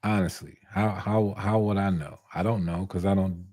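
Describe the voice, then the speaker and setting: A man's voice: low voice, steady tone, moderate pace, mellow, dry recording, clean studio sound. A young man who reviews barber tools, chatting casually on a live stream, reading viewer comments and answering in a laid-back, slangy way that repeats itself.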